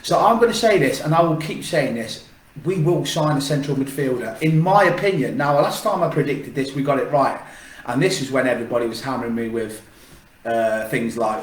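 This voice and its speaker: A man talks in an emphatic, repetitive way, restarting his sentences as he argues his point. His voice sits at an ordinary middle pitch. He is set back from the mic in an echoey room. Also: animated, a little fast, distant mic. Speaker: football fan channel host. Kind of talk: casual opinion vlog.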